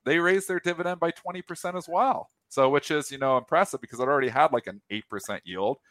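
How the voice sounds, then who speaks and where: A man's voice: fairly high pitch, fast, no echo. A man co-hosting a market show, chatting casually about trades in trader jargon. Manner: animated, talks in trader jargon. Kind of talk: casual trading chat.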